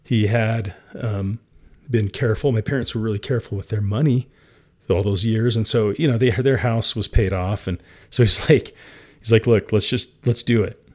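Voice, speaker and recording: A man's voice: on the low side, moderate pace. A man, a company founder, candidly telling his story as a guest in an interview, earnest and emotional.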